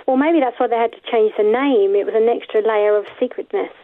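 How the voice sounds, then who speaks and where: A woman's voice: on the high side, brisk, dry recording. A woman calling in to a radio show, a little hesitant at first, with a wry sense of humor. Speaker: caller. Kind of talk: phone-in chat. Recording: tinny phone line.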